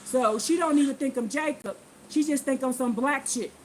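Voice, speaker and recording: A woman vlogger telling a personal story to her viewers in a lively, preachy way, acting out what people said. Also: high-pitched, normal speed, a little hiss or hum, rough recording. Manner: animated, acts out quotes in voices; preachy, addresses viewers directly. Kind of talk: casual storytelling testimony.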